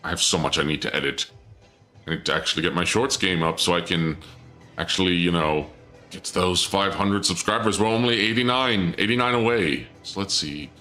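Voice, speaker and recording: A man's voice: deep voice, a little fast, sharp tone. A man streaming a game, chatting casually to his viewers and rambling through a story, often trailing off and restarting sentences. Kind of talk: casual gameplay commentary to chat. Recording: music playing behind the voice.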